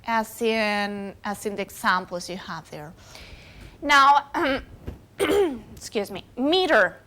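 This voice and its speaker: A woman's voice: medium pitch, animated, slow, pushed and bright. A woman whose first language is Spanish, giving a recorded university lecture with many fillers and self-corrections.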